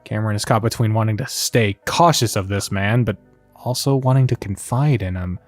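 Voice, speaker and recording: A man narrating a story game and reacting with excited, sweary asides. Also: lowish voice, normal speed, dry recording, faint music behind.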